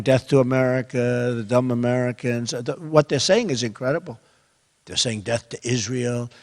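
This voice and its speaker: Older male speaker, emphatic and repetitive stump speech in a reverberant venue with an audience murmuring. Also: on the high side. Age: 70s. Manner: repetitive, emphatic, swings from quiet asides to loud bursts. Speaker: candidate speaking at a rally event. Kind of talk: campaign speech. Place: large hall with an audience. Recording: echoey hall with crowd behind.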